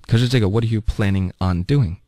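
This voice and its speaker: A man's voice: lowish voice, fast talker, dark tone, no echo, studio quality. A man teaching English phrases, explaining them and acting out the example lines. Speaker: language teacher. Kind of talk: bilingual phrase lesson.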